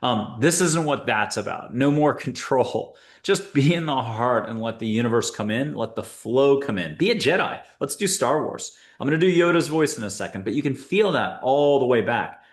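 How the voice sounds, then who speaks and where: A man hosting a spiritual show, guiding listeners through an exercise in a playful, upbeat, joking way with quick asides. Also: mid-range voice, expressive. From United States. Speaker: host and angel intuitive. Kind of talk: guided spiritual talk to listeners.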